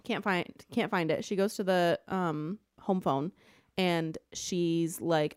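A woman co-hosting a casual chat, retelling a book plot as an animated rant that is full of swearing. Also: on the low side, normal speed, clear, resonant tone, no echo, studio quality. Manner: animated ranting storyteller, swears freely.

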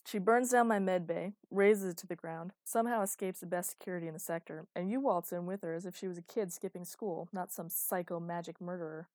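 A woman's voice: on the low side, moderate pace, darkish tone, no room sound, lightly acted. A woman reading an irritated, contemptuous male officer in an audiobook, scornful and exasperated. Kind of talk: audiobook character voice.

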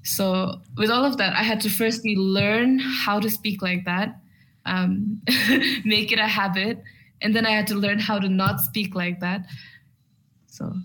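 A woman in a casual chat, relaxed, laughing often and restarting her sentences. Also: mid-range voice, unhurried, low-quality recording. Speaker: guest.

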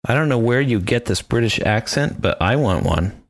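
A man's voice: mid-range voice, expressive, moderate pace. A man co-hosting a podcast, chatting casually with profane, jokey banter. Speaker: podcast co-host. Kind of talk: casual chat.

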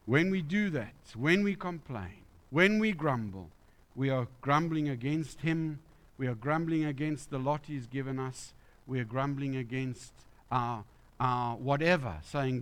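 A man's voice: a little high, expressive, measured pace, fairly bright tone. A man preaching a conversational sermon in church, asking the congregation questions. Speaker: pastor.

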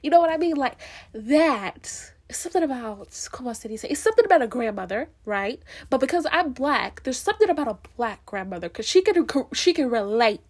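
A woman's voice: high voice, very animated, fairly quick. A young woman from Florida talking straight to camera in a casual, heartfelt monologue, earnest and emphatic, repeating her points and laughing easily. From Florida, USA. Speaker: vlogger.

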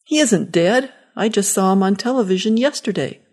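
A woman's voice: medium pitch, expressive, moderate pace, a little mellow, voice pushed up. A woman reading the lines of a cranky, confused elderly father-in-law in a short story, indignant and fussy.

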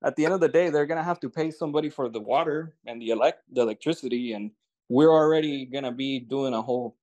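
A man's voice: mid-range voice, fast, darkish tone, lo-fi sound. A man in casual talk, telling a story at an easy pace, often restarting his sentences. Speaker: land investor.

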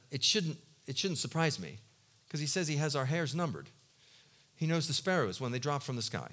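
A man preaching a sermon with a lively, swooping delivery, sliding from near-shouted highs down to hushed lows. His voice is bright and ringing, a touch higher than most men's. He slips into quick acted voices as he retells the story. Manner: animated, acts out voices of biblical figures and God; swings between loud exclaims and quiet, low-voiced asides. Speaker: pastor.

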